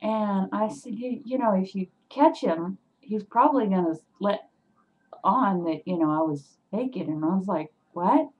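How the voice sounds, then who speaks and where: A woman telling an animated story to her webcam at home, getting loud and worked up as she goes. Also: mid-range voice, measured pace, breathy edge, dull audio. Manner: animated, swings into loud agitated retelling. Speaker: vlogger.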